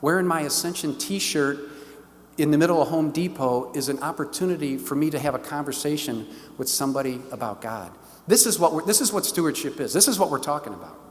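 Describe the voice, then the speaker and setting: A middle-aged man from St. tells stories to a parish audience with animated enthusiasm, and his voice sits a little high for a man. His St. The sound has the long ringing reverb of a church hall. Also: fairly quick. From St. Louis, Missouri. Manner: animated, enthusiastic storyteller who acts out the dialogue. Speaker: diocesan stewardship director giving a parish talk. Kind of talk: storytelling church talk.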